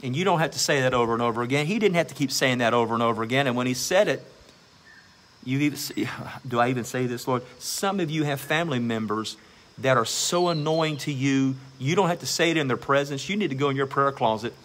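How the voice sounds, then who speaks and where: A man's voice: medium pitch, fast, a bit bright. A man preaching a sermon as pastor, emphatic and exhorting, repeating phrases for stress.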